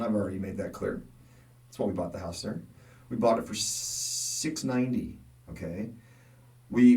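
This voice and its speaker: Middle-aged guy with a low voice, animated storyteller, mic a bit far off. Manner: animated storyteller, laughs often, acts out quotes. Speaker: podcast co-host. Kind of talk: casual chat.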